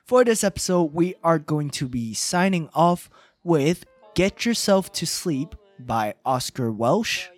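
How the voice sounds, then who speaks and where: A man's voice: a little high, expressive, slow, no room sound, faint music behind. A man hosting a podcast, chatting casually and swearing now and then, then reading the sign-off. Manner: casual, swears, laughs easily. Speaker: podcast host.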